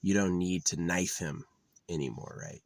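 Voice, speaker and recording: A gravelly, low voice at a moderate pace carries this vlogger's profane monologue, recorded with no room sound. Fed up, he ridicules those he argues with by putting on silly voices.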